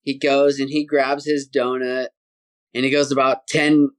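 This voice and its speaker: This is a man of ordinary pitch, a guest on a podcast. He tells his story in a casual, lively way, acting out sounds and other people's voices as he goes. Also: unhurried. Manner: animated, acts out sounds and voices.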